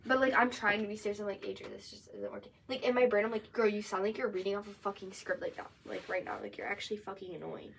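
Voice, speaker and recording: A woman's voice: mid-range voice, fast, gravelly, few pauses. A young woman co-hosting a podcast in casual chat, blunt and swearing freely with lots of fillers. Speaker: podcast co-host. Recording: distant mic, faint background noise.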